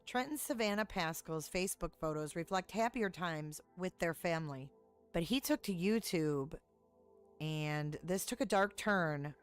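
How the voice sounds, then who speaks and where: A woman hosting a podcast, narrating and commenting in a measured, serious way. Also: lowish voice. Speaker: podcast host. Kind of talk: true-crime podcast narration.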